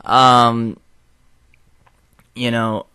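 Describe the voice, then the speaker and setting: Slow, blunt, swearing young man. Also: mid-range voice, flat delivery, sharp tone, clean tone, no room sound, studio quality. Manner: blunt, profane, frequent fillers. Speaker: video commentator. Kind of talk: opinion rant to camera.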